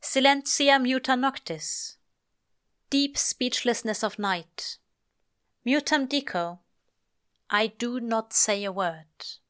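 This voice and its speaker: Slow, lyrical woman reading fiction. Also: fairly high pitch, fairly bright tone. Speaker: reader. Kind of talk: audiobook-style fiction reading.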